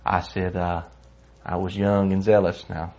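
A man's voice: deep voice, level tone, measured pace, a little mellow, slight background noise. A man teaching a Bible lesson in an earnest, conversational way, telling personal stories along the way. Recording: dull lo-fi recording.

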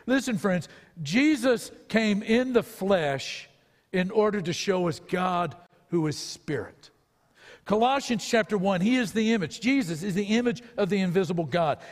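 A man's voice: high voice, big-room sound. A man preaching a sermon as pastor, earnest, with rhetorical questions to his listeners.

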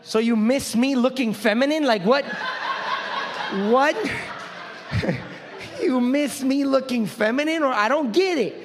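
A young male pastor preaches a sermon in a loose, conversational style and jokes with his congregation. His voice sits high for a man. He talks in an animated, lively way. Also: unhurried, pauses often, slight background noise.

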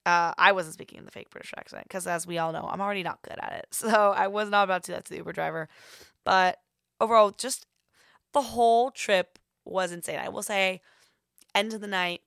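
A woman's voice: fairly low pitch, gravelly, fairly bright tone, clean tone, dry recording, studio quality. A young woman hosting a podcast who tells a rambling, casual story, full of filler words. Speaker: podcast host.

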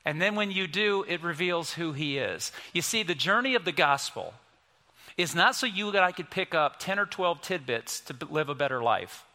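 A man in his fifties preaching a sermon, storytelling and moving between soft, quiet passages and emphatic ones. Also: fairly high pitch, lively intonation, normal speed. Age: 50s. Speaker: pastor. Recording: music under voice, long reverb.

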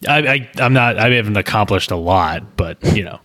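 A man's voice: fairly low pitch, fairly quick. A man rambling and stammering through a comedic script read-through chat. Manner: rambling, stammering, earnest deadpan. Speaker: co-host, script writer.

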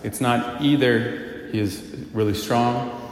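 A man's voice: medium pitch, steady tone, takes it slowly, slight background noise. A man preaching a sermon, telling a story earnestly and posing rhetorical questions to the congregation. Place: church. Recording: echoey church hall.

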